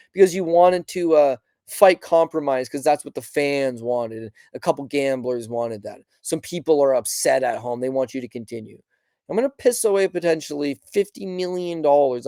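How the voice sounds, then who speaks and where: A man's voice: on the high side, gravelly, a little mellow, no room sound, studio quality. A man hosting a sports podcast, talking in a passionate, rambling way and acting out quotes of fighters and fans. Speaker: podcast host. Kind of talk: casual sports commentary.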